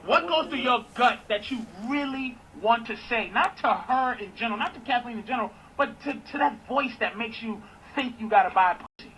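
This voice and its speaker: A man's voice: extremely high pitch, lively intonation, brisk, few pauses, bright, forceful tone, a little hiss or hum, low-quality recording. A man hosting a radio talk show, blunt, profane and pushy as he grills a caller. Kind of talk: loud raunchy radio banter.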